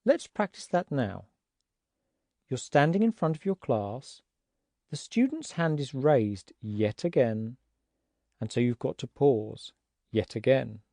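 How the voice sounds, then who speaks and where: A man narrating an audiobook language lesson, patient and clear, acting out example words to show how tones rise and fall. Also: mid-range voice, sing-song, slow, long pauses, mellow, no room sound.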